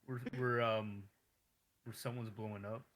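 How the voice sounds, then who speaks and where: A man co-hosting a casual podcast, chiming in with low-key dry remarks. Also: level tone, measured pace, crowd noise. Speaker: podcast co-host. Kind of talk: casual chat.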